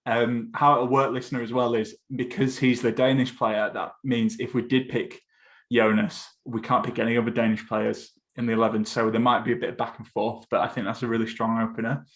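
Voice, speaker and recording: A man's voice: mid-range voice, level tone, brisk. Chatty Essex-accented young man. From England. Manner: chatty, loose, swears casually. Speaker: podcast host. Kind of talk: casual chat.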